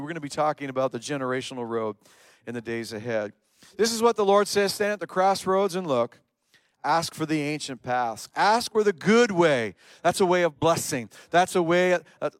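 A man preaching a sermon in church, animated, often dropping to a soft, intimate voice. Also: a little high, smooth, no room sound. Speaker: pastor.

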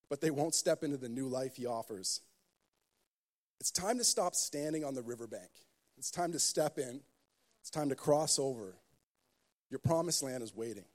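A pastor preaching a sermon, telling stories with joking asides and building emphasis. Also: male voice, on the high side, darkish tone.

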